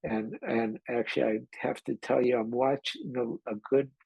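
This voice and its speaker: A man's voice: mid-range voice, steady tone, normal speed, creaky, a little mellow, breathy edge, no room sound, poor audio. A man, a meditation teacher, giving an informal dharma talk and telling a candid, rambling story with mild swearing.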